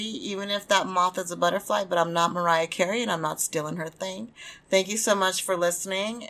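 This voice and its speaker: A woman's voice: mid-range voice, fairly bright tone. A woman hosting a podcast, talking candidly and casually, venting with lots of fillers. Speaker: podcast host and small press publisher. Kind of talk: casual solo podcast talk.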